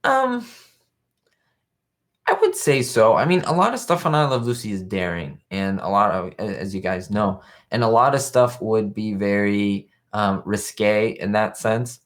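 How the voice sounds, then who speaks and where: A man's voice: lowish voice, animated, unhurried. A young man hosting a casual live-stream commentary, chatting in a rambling way and reading viewer comments aloud. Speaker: show host. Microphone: webcam live stream.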